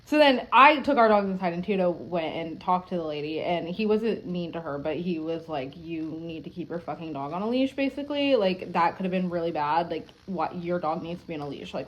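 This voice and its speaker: A young adult woman vlogging at home, telling a story in a rambling, animated way, full of filler words and frequent swearing. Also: fairly low pitch, brisk. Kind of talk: casual storytelling to camera.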